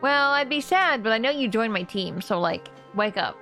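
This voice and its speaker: A woman's voice: a little high, lively intonation, moderate pace, sharp tone, soft background music. A woman streamer chatting casually while she plays a game, rambling and laughing often.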